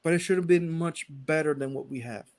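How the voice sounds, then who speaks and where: A male co-host on a casual gaming podcast, with a slightly high voice. He talks emphatically and presses his point again and again. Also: a little fast, a little mellow, no echo. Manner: emphatic, repeats no, insistent.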